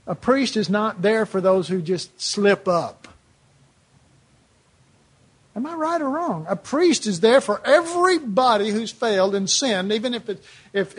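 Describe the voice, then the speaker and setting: A man's voice: high-pitched, normal speed, slightly rough. A man preaching a sermon in a loose, conversational way, with lots of rhetorical questions and "you know"s.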